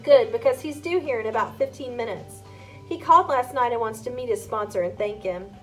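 Patient money adviser, apologetic, careful, explaining, voiced by a woman, slightly high. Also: a little fast, faint music behind, lightly acted. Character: adult man, careful apologetic investor.

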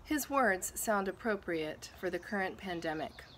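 A woman teacher reading a prepared award speech in a measured, deliberate way. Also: medium pitch, expressive, fairly bright tone, a little hiss or hum.

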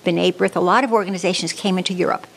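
A woman's voice: fairly low pitch, steady tone, rapid-fire, gravelly, breathy edge. A woman in her seventies, born in Germany and raised in New York, unhurriedly telling her life story as an interview guest. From born in Germany, raised in the Bronx, New York. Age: 70s.

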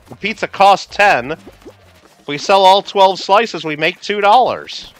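A man's voice: fairly high pitch, a bit bright. A man hosting a game livestream, rambling casually and answering viewers by name. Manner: rambling, chatty, talks to chat by name. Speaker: livestream host. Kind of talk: casual gameplay livestream chat.

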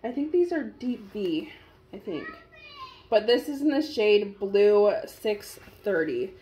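A woman's voice: medium pitch, lively intonation, slow pace, warm tone, slight background noise. Chatty young woman gushing over a haul. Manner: chatty, gushing, talks straight to viewers. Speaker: vlogger. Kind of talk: casual try-on haul chat.

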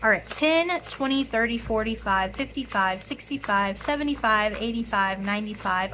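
A young woman in her twenties with a hoarse, raspy voice, chatting casually to camera, often apologizing and counting money out loud. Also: mid-range voice, moderate pace, few pauses, rough recording. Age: 20s. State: hoarse, voice tired. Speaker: budgeting YouTuber.

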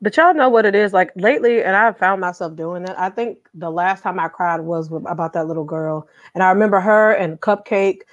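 A woman's voice: lowish voice, a little fast, few pauses, dry recording, dull audio. A woman ranting fiercely and profanely in a casual livestream discussion. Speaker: livestream panelist. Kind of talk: casual heated chat.

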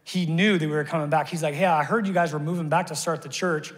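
Male pastor, slightly raised pitch, preaching in a church hall with long reverb; lively storyteller who shouts at peaks and goes hushed in prayer. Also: quick pace. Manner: animated storytelling, voice rising to shouts at peaks, dropping soft in prayer. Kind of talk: sermon. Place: church auditorium.

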